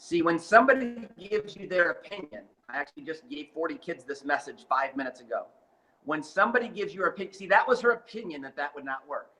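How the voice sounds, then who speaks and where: A man's voice: fairly high pitch, fairly quick, low-quality recording. A man telling his life story in an interview, emphatic and dramatic, getting fired up as he speaks. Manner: gets fired up and animated. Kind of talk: motivational storytelling.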